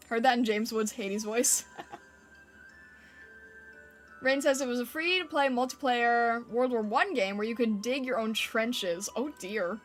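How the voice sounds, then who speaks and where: A woman with a fairly high voice, chatting on a live stream and answering her viewers' comments in a playful, giggly way. Soft music plays quietly behind her. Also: measured pace, pauses often. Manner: playful, giggly, reacting to chat. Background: faint background music.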